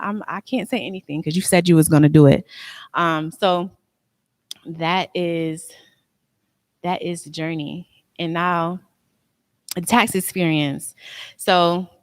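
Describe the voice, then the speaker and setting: A woman with a low voice gives a motivational business presentation about her tax business. She talks earnestly and from the heart, with many fillers. The sound is dry and close. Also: no echo. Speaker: tax preparer and business owner.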